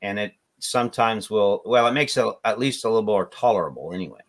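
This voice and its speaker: A man's voice: lowish voice, a little fast. A man guest on a casual live chat, tossing in dry jokes. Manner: joking, dry quips.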